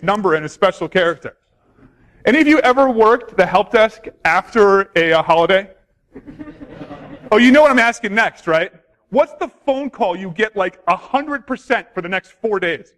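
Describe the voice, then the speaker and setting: Guy giving a conference talk, kinda high voice, jokey, keeps asking the crowd questions. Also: lively intonation, moderate pace, a bit bright. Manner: joking, quizzes the audience. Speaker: conference speaker.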